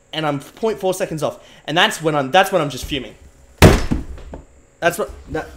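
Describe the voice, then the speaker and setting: Young man, streamer, rambling mock-serious chat with viewers, slightly higher voice. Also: a bit bright. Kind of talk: casual live-stream chat.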